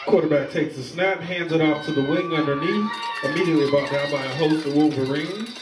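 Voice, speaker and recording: A man's voice: fairly high pitch, a little fast. Man calling youth football plays. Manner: calm, steady play calling. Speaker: play-by-play commentator. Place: outdoor football field. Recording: echoey, distant, with loud crowd and noise. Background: crowd and field noise.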